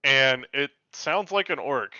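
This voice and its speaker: A man running a tabletop game as game master, narrating in a relaxed, hesitant way over dull, lo-fi call audio. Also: medium pitch, slow pace, clean tone, no room sound.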